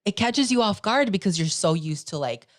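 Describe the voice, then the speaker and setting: A woman's voice: mid-range voice, expressive, normal speed, dry recording, clean studio sound. A woman hosting a podcast, chatting casually with chatty, giggly fan enthusiasm. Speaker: podcast host.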